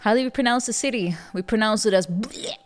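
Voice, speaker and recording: A woman's voice: a little high, fairly quick. Playful stammering woman streamer. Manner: playful, stammers with repeated words; animated reactions, laughs often. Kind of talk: casual live game-stream chat.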